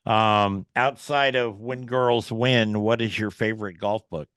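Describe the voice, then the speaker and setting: A man's voice: fairly low pitch, steady tone, a little slow, a bit bright, clear, resonant tone, no echo. A man hosting a casual golf interview, telling folksy stories with lots of fillers and restarts. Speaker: podcast host.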